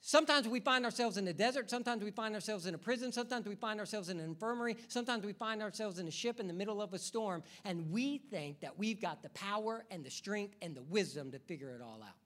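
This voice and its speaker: A man's voice: high voice, animated, fast, few pauses, fairly bright tone. A man preaching a sermon as pastor, building his points through rhythmic repetition and rhetorical questions to the congregation.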